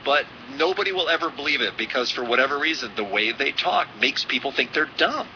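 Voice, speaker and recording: Brisk, teasing radio host man. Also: medium pitch, lively intonation, sharp tone, muffled recording, a little hiss or hum. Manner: brisk, teasing, runs the calls. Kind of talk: radio call-in talk.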